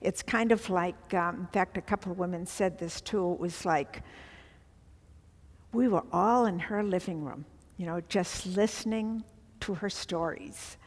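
A woman's voice: fairly low pitch, measured pace, in a large hall. A middle-aged woman leading a women's Bible study, teaching earnestly with emphatic asides to the group.

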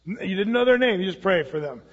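Man, high voice, pastor giving a sermon, storytelling, long reverb, muffled lo-fi sound. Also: animated, a little fast. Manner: storytelling, conversational with restarts.

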